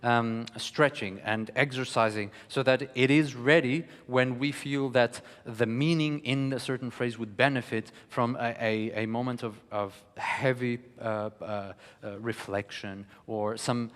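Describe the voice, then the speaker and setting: A man giving a lecture on music, speaking in a measured, thoughtful way with frequent pauses. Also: medium pitch, fairly even intonation, fairly bright tone. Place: studio hall. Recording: long reverb of a studio hall.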